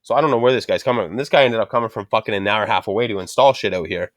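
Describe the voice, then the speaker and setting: A man's voice: lowish voice, very fast, dry recording, clean studio sound. A middle-aged man telling a frustrated story in casual chat, swearing constantly and ranting. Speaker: podcast host.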